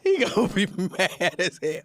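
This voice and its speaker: A man hosting a casual livestream show, telling a story in an animated way, laughing often and acting out scenes. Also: sits high, a little slow, dry recording. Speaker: show host.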